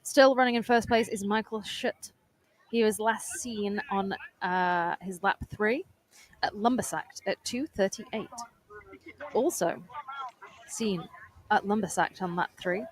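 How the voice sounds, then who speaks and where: A woman co-commentating a live obstacle race, giving brisk updates and reading viewer questions with a playful tone. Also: mid-range voice, slight background noise, rough recording.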